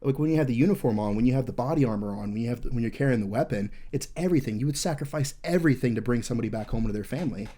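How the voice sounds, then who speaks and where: A man's voice: medium pitch, racing, hardly any pauses, mellow. Profane, intense man telling a war story. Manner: profane, intense, rambling with frequent fillers. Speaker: podcast host, veteran. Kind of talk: casual podcast storytelling.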